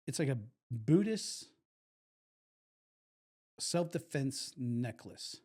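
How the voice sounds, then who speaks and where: A man's voice: medium pitch, animated, drawn-out words, mellow. A man co-hosting a live podcast in casual chat, rambling and repeating himself in an upbeat way. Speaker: podcast co-host.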